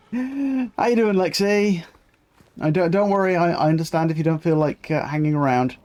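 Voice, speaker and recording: A man's voice: on the high side, steady tone, brisk, darkish tone, clear, resonant tone. A man giving chatty live gameplay commentary as a streamer, swearing casually and talking to his chat.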